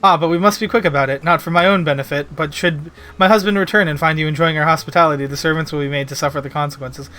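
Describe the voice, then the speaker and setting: A man voicing a gracious, doting upper-class mother from a video game, reading her refined lines aloud on stream in a bright, fairly high voice. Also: steady tone, quick pace, few pauses. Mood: insistent. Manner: refined, formal old-fashioned phrasing.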